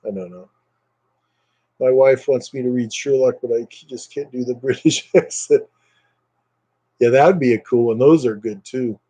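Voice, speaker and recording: There's a breathy edge to this man's mid-range voice, and he speaks at normal speed with long pauses. As host of a casual livestream, he rambles through viewer comments, reading them aloud in a relaxed, hesitant manner with plenty of fillers.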